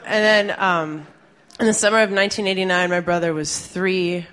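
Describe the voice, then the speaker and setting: Woman storyteller, live stage, low-ish voice, chatty and amused. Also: moderate pace. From Puerto Rican family. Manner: lively, conversational, laughs through the story.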